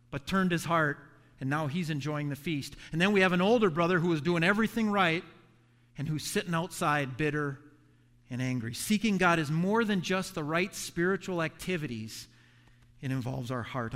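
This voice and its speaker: A man preaching a sermon as a pastor, animated and voicing the characters in the story. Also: a little high. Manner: animated preaching, acts out the sons' voices. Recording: echoey hall reverb.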